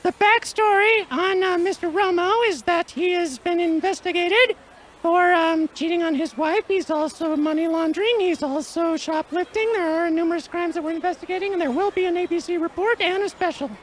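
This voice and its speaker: A woman plays a self-important woman TV news reporter in a radio comedy bit. She has a very high voice and a brisk, rushed newsroom delivery, with faint ambient noise behind her. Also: low-quality recording. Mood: newsy. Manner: brisk, newsy, fast-talking. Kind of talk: improv radio sketch.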